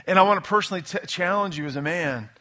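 A man preaching a sermon in a conversational, animated way, with sudden bursts of loud emphasis. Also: sits high, fast. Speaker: pastor.

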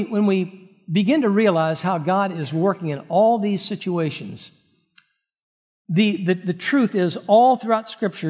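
A pastor preaching a sermon in an animated way, often repeating words and restarting. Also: male voice, high-pitched, highs cut off.

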